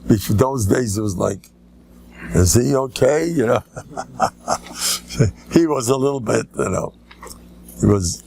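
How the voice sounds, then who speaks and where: A man's voice: mid-range voice, slow pace, creaky, long pauses, a little mellow, slightly rough. An older man, a rabbi giving an informal lecture, telling stories with joking asides and rambling restarts. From United States. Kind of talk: informal Torah lecture with anecdotes.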